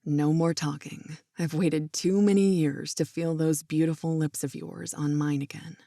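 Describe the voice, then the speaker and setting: A woman reading as a warm-hearted man in love; drop the voice low, keep it gravelly and close. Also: steady tone, unhurried, dry recording. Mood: tender. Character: smitten man in his thirties, tender, playful.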